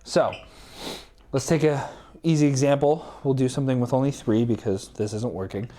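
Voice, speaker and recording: Breathless, hurried young-sounding drummer man. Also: medium pitch, fairly even intonation, warm tone. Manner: hurried, casual, counts beats aloud. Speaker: drummer giving tips. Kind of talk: casual drum lesson.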